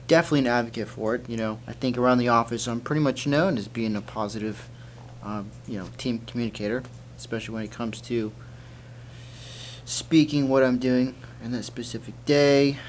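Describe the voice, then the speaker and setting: A man's voice: mid-range voice, fairly even intonation, brisk, a little hiss or hum. A man giving a mockumentary talking-head interview in an office, rambling and self-assured with lots of fillers. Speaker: office team member.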